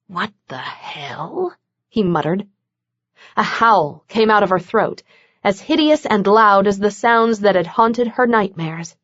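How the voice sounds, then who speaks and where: A woman narrates a novel in a steady, measured scripted reading. The recording is dry and a bit muffled, with no room echo. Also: medium pitch. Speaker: audiobook narrator. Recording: dull, dry lo-fi audio.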